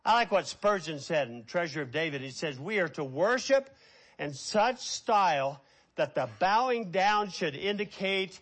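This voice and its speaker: A man preaching a sermon as pastor, stretching key words out slowly, then dropping to quiet, quick asides. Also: high-pitched, lively intonation. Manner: preaching with slow drawn-out emphasis and sudden quiet asides.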